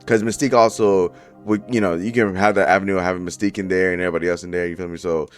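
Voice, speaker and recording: A man's voice: sits low, flat delivery, rapid-fire, faint music behind. Slangy young man giving blunt opinions. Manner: slangy, profane, talks straight to viewers. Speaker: YouTuber reviewing movie casting. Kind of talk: casual opinion commentary.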